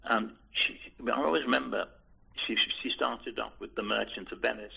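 An older man from Liverpool reminiscing in an interview, speaking in a halting, hesitant way with many restarts and repeated words. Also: lowish voice, steady tone, gravelly, husky. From Liverpool, England. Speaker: oral history interviewee. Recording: tinny phone-like lo-fi recording.

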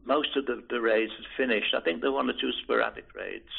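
An older man from Liverpool recalls his past in an interview, his voice deeply gravelly and husky. He talks haltingly, stumbling over restarts and repeated words. The sound is thin and narrow, like a phone line. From Liverpool, England. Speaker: oral history interviewee. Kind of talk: reminiscing in an interview. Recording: tinny phone-like lo-fi recording.

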